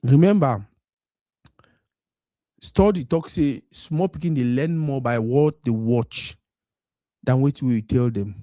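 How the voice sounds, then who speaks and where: A man's voice: medium pitch, expressive, measured pace, long pauses, warm tone, no echo, studio quality. A man from Cameroon with a Cameroonian Pidgin English accent, hosting a live stream in a casual monologue that slides between Pidgin and English. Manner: mixes Pidgin and English, acts out quoted voices.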